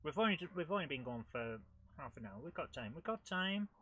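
A woman with a head cold, hosting a live let's-play and chatting excitably to the game, often laughing. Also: very deep voice, quick pace, husky. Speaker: host of a retro gaming channel.

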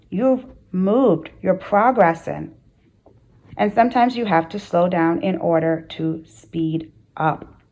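In a lowish, slightly mellow voice captured on a low-quality recording, a woman hosts her own channel as a spiritual coach. She speaks earnestly to the camera in a casual motivational talk, using repeated phrases and rhetorical questions.

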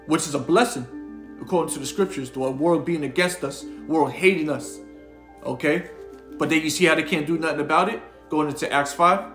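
A man's voice: on the high side, a bit bright, reverberant. A man preaching an informal sermon, reading scripture aloud and talking in a slangy, conversational way with frequent repeated words. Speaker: street preacher.

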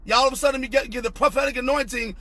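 A young man preaching an impassioned online sermon, fervent and repetitive, often shouting, with a husky voice. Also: extremely high pitch, steady tone, racing, no echo. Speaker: pastor.

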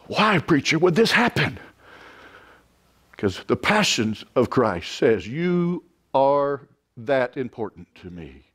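A man preaching a sermon as pastor, swinging from quiet, drawn-out lines to loud shouted climaxes. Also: mid-range voice, big pitch swings, husky. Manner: impassioned preaching, rising to shouts.

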